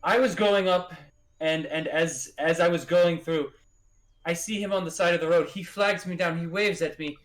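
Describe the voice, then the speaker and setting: A man's voice: fairly high pitch, fairly even intonation, natural voice. A man doing an insistent crossbow-wielding stranger. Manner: stammering, rushed insistence.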